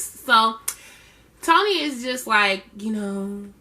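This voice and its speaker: Casting note: woman reviewer, bright, forceful voice, a bit high, sassy and slangy. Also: animated, takes it slowly. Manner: chatty, sassy, slangy asides. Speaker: reality show reviewer. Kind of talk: casual recap commentary.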